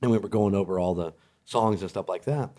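A man's voice: low voice, fairly quick, dark tone. A man who is a guest on a podcast, telling stories in an easygoing, laughing way. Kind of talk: casual podcast chat.

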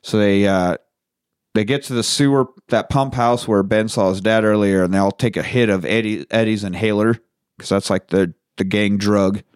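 A man's voice: lowish voice, steady tone, moderate pace, clean tone. A man co-hosting a podcast, casually retelling a movie's plot and swearing freely as he goes. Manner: swears freely, acts out characters' lines. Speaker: podcast co-host. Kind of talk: casual movie recap chat.

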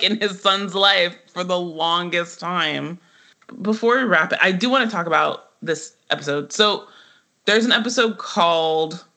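A woman co-hosting a casual podcast chat, her voice bright and forward. She rambles through episode plots with plenty of "like" and "um" and a relaxed, conversational flow. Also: fairly low pitch. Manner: chatty, full of fillers, quotes characters in animated voices. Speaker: podcast co-host. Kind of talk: casual chat recapping a sitcom.

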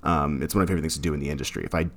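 A man's voice: rumbling low, fairly even intonation, racing, fairly bright tone. A man co-hosting a podcast, talking casually about a film, with many fillers and restarts. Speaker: podcast co-host.

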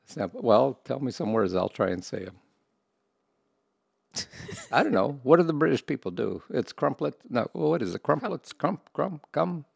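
A man's voice: mid-range voice, sing-song, moderate pace, gravelly, breathy edge, no echo, studio quality. A man co-hosting a casual podcast, joking with hesitant restarts. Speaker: podcast co-host. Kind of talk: casual chat.

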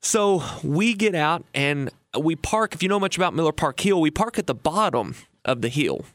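A man's voice: on the high side, expressive, normal speed, fairly bright tone, dry recording. Folksy man hosting a radio show. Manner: folksy, chatty, lots of fillers and restarts. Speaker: radio show host, retirement advisor. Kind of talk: casual storytelling on a radio show. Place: radio studio.

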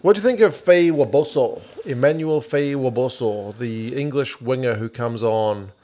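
A man co-hosting a relaxed podcast, talking over beers in a dry, matter-of-fact way. His voice sits at a middle pitch, and he swears easily. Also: normal speed. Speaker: podcast co-host. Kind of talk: casual chat over beers.

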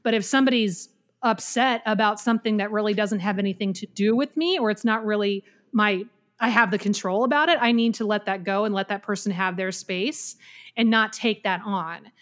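A woman from the Carolinas with a Southern American accent, co-hosting a witchcraft podcast and chatting earnestly, also giving a gentle tarot reading. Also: medium pitch, fairly quick. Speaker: podcast co-host. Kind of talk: casual chat and tarot reading.

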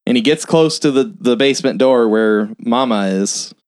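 A man's voice: mid-range voice, normal speed, a little mellow, clean tone, no room sound, clean studio sound. A man with a mid-range voice walking through a movie plot for his co-hosts. He talks loosely and swears freely. He leans on lots of fillers as he goes. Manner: loose and profane, with many fillers. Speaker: film podcast panelist. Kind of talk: casual film recap.

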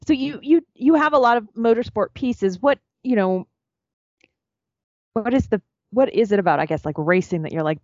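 A woman hosting a casual interview over a video call, asking friendly but halting questions. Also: fairly high pitch, darkish tone, no room sound, dull audio. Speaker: interviewer host.

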